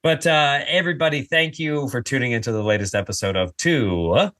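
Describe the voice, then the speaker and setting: A man's voice: medium pitch, fairly quick, a bit bright, no echo, studio quality. A man hosting a podcast in casual chat, rambling and joking, often correcting himself mid-sentence. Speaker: podcast host.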